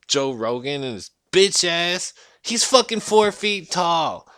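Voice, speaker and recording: A man's voice: fairly high pitch, big pitch swings, slow pace, a bit bright, smooth, dry recording, clean studio sound. Rambling, foul-mouthed man ranting at home. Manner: swears constantly, trails off and restarts. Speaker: vlogger ranting to camera. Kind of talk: rambling profane rant.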